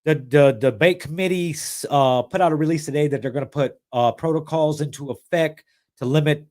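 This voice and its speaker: A man co-hosting a casual political podcast, with a voice pitched a little higher than most men's. He speaks bluntly and swears freely. He is quick to jump in with his own points. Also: a little mellow. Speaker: podcast co-host.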